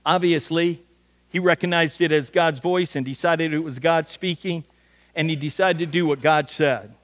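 A man preaching a sermon, his voice sitting fairly high. He talks in a homely, folksy way and keeps tripping over repeated words as he goes. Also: steady tone, moderate pace, in a large hall. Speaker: pastor.

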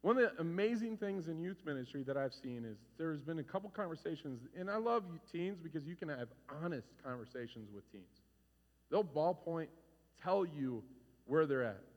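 Man preaching a sermon, high voice, swinging lively intonation, pastor in his forties, echoing hall. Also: moderate pace, highs cut off. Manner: animated storytelling, acting out voices and shouts. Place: church hall. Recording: reverberant hall.

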